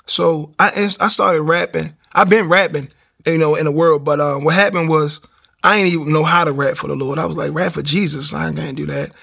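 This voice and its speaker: A man tells his faith story in a casual interview. His voice is gravelly and bright and sits a little high. He acts out what people said to him. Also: normal speed. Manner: animated storytelling, acts out quotes. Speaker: guest sharing testimony.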